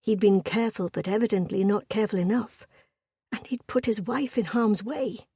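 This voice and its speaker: A woman narrating a historical romance audiobook in a steady, measured storytelling voice. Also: medium pitch, slightly rough, no room sound.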